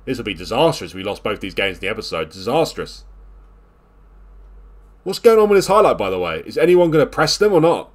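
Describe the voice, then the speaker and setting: A man commentating live on his own video game play, scolding and exasperated, lurching from loud outbursts to low grumbling mutters. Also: big pitch swings, fast talker, few pauses.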